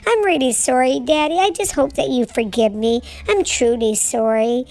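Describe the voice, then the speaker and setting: A woman's voice: high-pitched, moderate pace, darkish tone, rough recording. A woman voicing her young male boxer dog, telling a rambling homespun story with stammered restarts. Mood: apologetic. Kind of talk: pet voice-over monologue.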